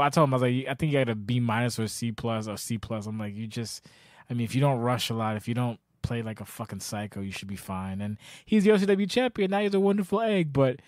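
A man's voice: mid-range voice, dry recording, studio quality. A man hosting a casual podcast, telling long profane stories with lots of restarts. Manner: profane, rambling storyteller. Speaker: podcast host.

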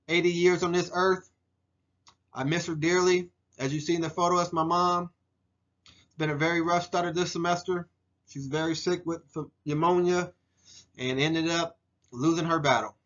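A man's voice: on the high side, fairly bright tone, highs cut off. Earnest man in his forties presenting photos. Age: 40s. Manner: earnest and heartfelt, with frequent ums and restarts. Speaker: student presenter. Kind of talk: narrated photo slideshow presentation.

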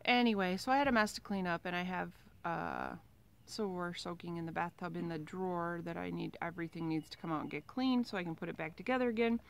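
A woman's voice: on the low side, expressive, fast talker, vocal fry. A middle-aged woman chatting casually in a home vlog, rambling with asides and fillers from her kitchen. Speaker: vlogger. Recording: home video with outdoor noise and mower.

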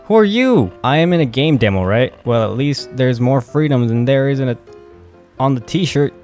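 Excitable young man narrating gameplay. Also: medium pitch, normal speed, faint music behind. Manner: excitable, flustered, exclaims and swears at the game. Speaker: gaming video host. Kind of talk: casual game commentary.

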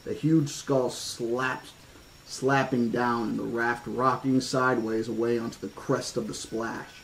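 A man's voice: medium pitch, little pitch movement, measured pace, creaky, poor audio. Guy reading a horror novel aloud, chill and casual, little asides, faint hiss behind. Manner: casual asides and restarts between passages. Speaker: audiobook reader.

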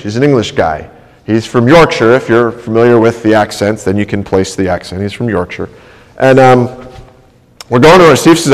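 A male pastor preaching a sermon, telling a personal story in a conversational way and often checking in with "right?". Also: mid-range voice. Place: church sanctuary. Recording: long church reverb.

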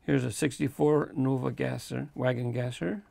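This toy car collector hosts his unboxing video in a medium-pitched, steady voice that's creaky and mellow, at normal speed with no echo. He keeps the commentary casual and talkative, chuckling here and there.

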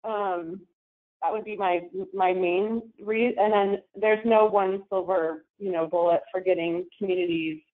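A woman's voice: medium pitch, steady tone, a little slow. A woman calling into a committee meeting by phone, answering hesitantly with frequent restarts. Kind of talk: meeting discussion. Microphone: conference phone. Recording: tinny phone line.

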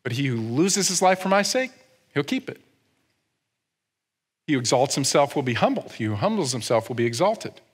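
A man's voice: medium pitch, big pitch swings, moderate pace, long pauses, breathy edge. A male pastor giving a sermon in a conversational, humorous way, often checking in with the audience. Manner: humorous asides. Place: church. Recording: long reverb in a church hall.

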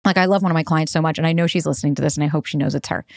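A woman's voice: low-pitched, fairly even intonation, very fast, vocal fry, no room sound. Candid woman podcast host, dry sound. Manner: candid and conversational. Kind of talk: casual podcast monologue.

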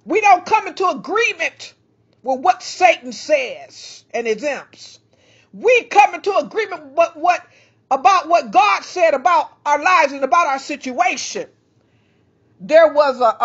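A woman's voice: high voice, lively intonation. A woman preaching a fervent sermon into a handheld microphone, breaking into praise and stumbling for words. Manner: fervent, praising, halting at times. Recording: slightly dull lo-fi sound.

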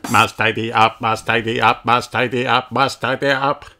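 A man voicing an obedient male toy robot that speaks in flat, repetitive commands, for a storybook read-aloud. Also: medium pitch, moderate pace, voice pushed up, close to an everyday voice. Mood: robotic. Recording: loud background noise.

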